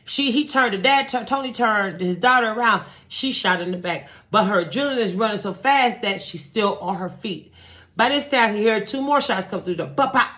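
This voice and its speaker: A woman vlogger telling a true-crime story in a casual, animated, profane way, acting out gunshots with sound effects. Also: mid-range voice, a little fast.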